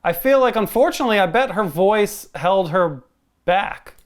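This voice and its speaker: A man's voice: high-pitched, expressive, moderate pace, clean tone. Chatty, laughing male podcast co-host. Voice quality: hesitant, many restarts, laughs. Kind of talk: casual movie review chat.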